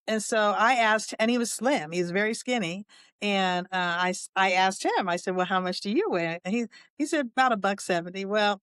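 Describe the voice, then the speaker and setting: A woman's voice: medium pitch, a bit bright, clear, resonant tone, no room sound. A woman in her sixties hosting a podcast, telling a dating story in a humorous, candid way, with chatty asides and frequent laughter. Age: 60s. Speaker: podcast host.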